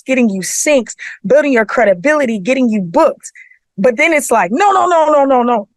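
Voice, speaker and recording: A woman's voice: on the high side, no room sound. A woman, an artist manager, chatting casually on a podcast and telling business stories with lots of rhetorical questions, acting out both sides of each argument. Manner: rhetorical questions, frequent "you know what I'm saying". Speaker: artist manager and festival producer.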